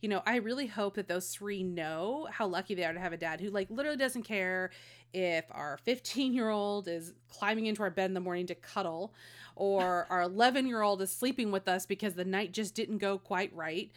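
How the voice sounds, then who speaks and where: 40s mom cohosting a podcast, chatty and rambly, lots of ums. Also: female voice, medium pitch, fairly quick. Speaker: podcast co-host. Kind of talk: casual chat.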